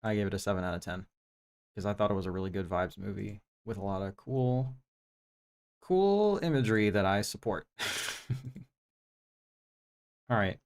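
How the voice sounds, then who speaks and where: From a home room with a projector, a man hosts a live stream where he casually reviews movies, rambling in a laid-back way full of fillers. His voice is fairly low and smooth, with a moderate pace and long pauses.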